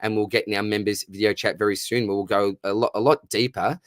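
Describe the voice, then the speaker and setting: A man's voice: lowish voice, fairly even intonation, quick pace, no echo, studio quality. A young Australian man hosting a casual live fantasy football Q&A, matey and upbeat as he answers viewers. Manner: matey, upbeat, reads viewer questions aloud. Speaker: fantasy football livestream host.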